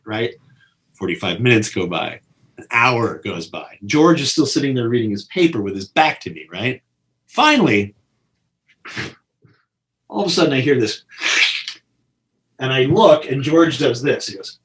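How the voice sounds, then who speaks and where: A middle-aged film director shares behind-the-scenes stories in an interview, speaking a little slowly with long pauses in a medium-pitched voice. He's an animated storyteller, acting out the people he quotes with big voices.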